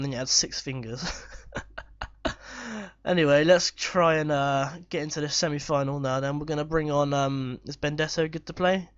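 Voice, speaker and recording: A man commentating live on his football management game, excitable and swearing when chances are missed. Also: fairly high pitch, clear, resonant tone, no room sound, dull audio. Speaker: gaming YouTuber.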